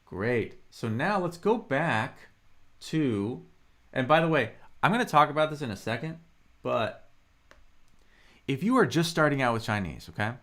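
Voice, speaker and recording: A young man leading a live-streamed language lesson at an unhurried, deliberate pace. He sounds upbeat and encouraging, with a mid-pitched voice, modelling each word and inviting the viewers to repeat after him. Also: expressive, a bit bright. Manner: upbeat, encouraging, drills words and tones. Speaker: Mandarin pronunciation teacher.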